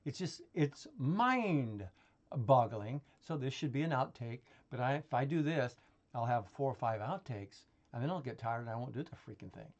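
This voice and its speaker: A man's voice: medium pitch, lively intonation, moderate pace, dull audio. A man talking in a casual, rambling monologue, full of swearing, laughter and restarts. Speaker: vlogger.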